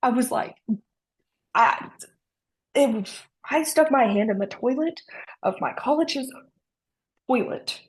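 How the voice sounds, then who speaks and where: A woman in her thirties, a podcast guest, telling personal stories casually with dry humor and animated retellings. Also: high-pitched, takes it slowly, pauses often. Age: 30s. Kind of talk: casual storytelling.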